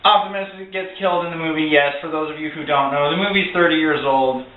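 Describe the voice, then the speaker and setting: A man ranting through a casual film review, sarcastic, profane and excitable. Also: fairly high pitch, fast talker. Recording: tinny, echoey, far from the mic.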